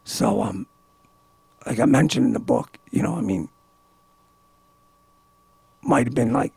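A man of around sixty, a guest and author, telling a story in a casual, animated way, often laughing and restarting his words. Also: medium pitch, a little slow, vocal fry, slightly rough, no echo.

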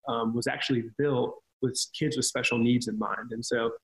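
A man's voice: mid-range voice, steady tone, moderate pace, vocal fry, poor audio. A man talking casually on a podcast, telling earnest stories about ministry with frequent restarts. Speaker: ministry leader.

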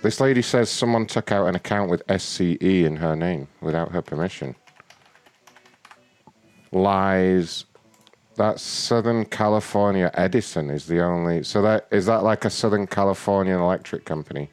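Brash low-voiced man. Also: normal speed, soft background music. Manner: brash, profane, laughing banter. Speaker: prank call show host. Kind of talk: casual chat and prank calls.

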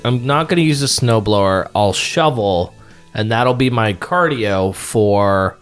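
Male co-host, venting and cursing, quick to laugh at himself. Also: on the low side, lively intonation, soft background music. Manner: exasperated, swearing, laughing. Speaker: podcast co-host. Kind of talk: casual chat.

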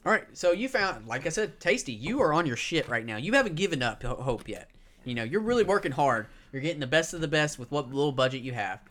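A man running a tabletop game in a loose, joking way, with casual swearing. His speech has lively pitch movement in a fairly high register. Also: fast. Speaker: game master.

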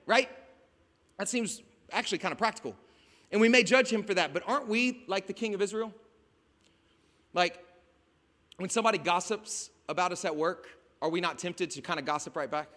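A man delivers a sermon in a high, bright voice. He talks to the crowd in a chatty, conversational way, then builds to emphatic shouts. His voice carries a long hall reverb. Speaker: pastor. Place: outdoors at a beach gathering.

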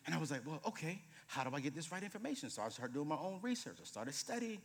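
Thirties male preacher, lively and comic, booming in a live sanctuary, slightly higher register. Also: fast talker, slight background noise. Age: 30s. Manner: animated, humorous, swings from loud to hushed. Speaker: guest preacher. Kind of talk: sermon with storytelling. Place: church sanctuary. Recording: reverberant church hall.

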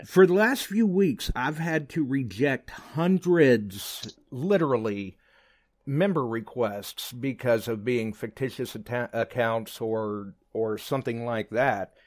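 A man hosting a live radio show, chatting excitably with big pitch jumps and quick asides. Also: no echo, studio quality.

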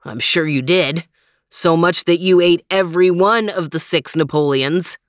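A vain, theatrical male dog , put on by a woman reading a storybook. He talks in a flowery, pleased-with-himself way, pitched a little above the reader's own low voice. The sound is dry and close. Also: measured pace, no room sound, natural voice. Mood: grandly pleased.

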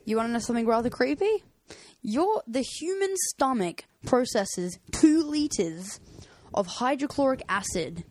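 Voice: mid-range voice, expressive, unhurried, darkish tone, no room sound. A podcast co-host casually reading out fun facts in a playful, upbeat way.

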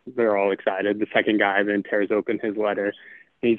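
A man guest on a podcast telling a joke in a laid-back, drawn-out way. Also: on the low side, flat delivery, no echo. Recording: tinny phone-like line.

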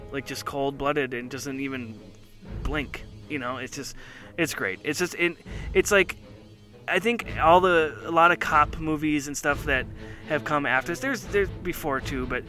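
A man's voice: on the high side, bright, forceful tone. A man co-hosting a casual chat show, talking enthusiastically and rambling with many fillers. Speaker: podcast co-host.

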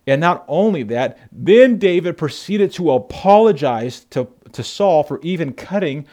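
Animated male preacher telling a story. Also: fairly high pitch, unhurried, few pauses. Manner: animated storytelling, addresses listeners as folks. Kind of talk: sermon.

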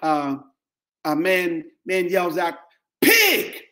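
Middle-aged male pastor, African-American English accent, high-pitched voice, preaching with repetition and call-outs. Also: moderate pace. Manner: preaching with call-outs to the congregation, repeating phrases for emphasis. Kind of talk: sermon.

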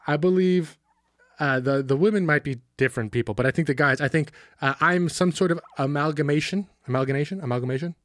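A man's voice: on the high side, fast, no echo, clean studio sound. A man co-hosting a casual film podcast, rambling and swearing casually while he laughs easily. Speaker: podcast co-host.

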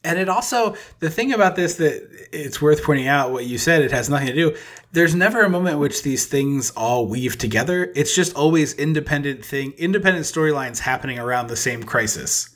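Male podcast co-host, calm analytical delivery. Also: a little high, a little fast. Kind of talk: casual movie discussion.

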